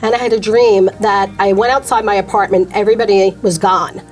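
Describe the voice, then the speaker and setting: A woman's voice: mid-range voice, steady tone, a little fast, darkish tone, faint music behind. A middle-aged woman, a guest on an interview show, telling her personal faith story candidly and emotionally.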